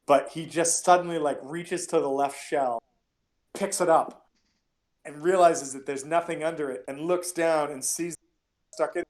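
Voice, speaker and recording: Guy game-mastering a tabletop game, rambly and chatty, voice sits a bit high. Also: fairly even intonation, unhurried. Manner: rambling, chatty, lots of fillers.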